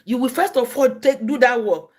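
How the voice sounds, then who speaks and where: A Nigerian woman telling stories on her livestream. She acts out the people in them, jumping from a low murmur to high cries and shouts. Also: normal speed. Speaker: livestream host. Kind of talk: casual storytelling.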